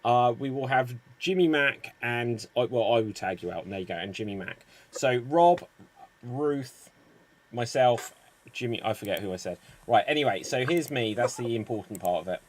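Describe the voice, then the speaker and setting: A man hosting an online improv comedy show, explaining the games in a brisk, upbeat way. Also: medium pitch, lively intonation.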